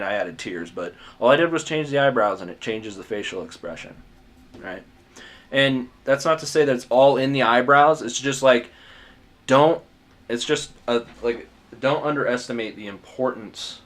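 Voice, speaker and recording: A man's voice: medium pitch, a bit bright. A man giving a casual drawing tutorial as he sketches, rambling, muttering asides to himself, self-mocking and swearing now and then. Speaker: art tutor.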